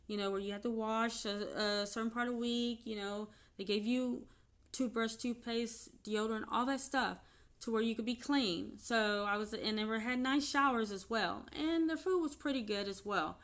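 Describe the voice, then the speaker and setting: A woman's voice: on the high side, normal speed, a bit bright. A woman telling a personal story in an unscripted vlog, chatty and laughing often between her sentences. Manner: chatty, with many fillers and restarts. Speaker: vlogger.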